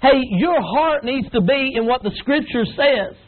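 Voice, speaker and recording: A man's voice: extremely high pitch, lively intonation, measured pace. A middle-aged man, preaching an emphatic, folksy sermon to young people. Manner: folksy, emphatic, acts out whining kids with grunts. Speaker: pastor preaching to youth. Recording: tinny phone-like line, faint noise.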